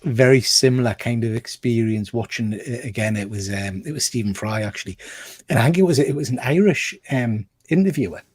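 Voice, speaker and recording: A man's voice: medium pitch, fairly quick, a little mellow, breathy edge, no room sound. A man hosting a casual interview, chatty and reading out viewer comments between laughs. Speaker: host.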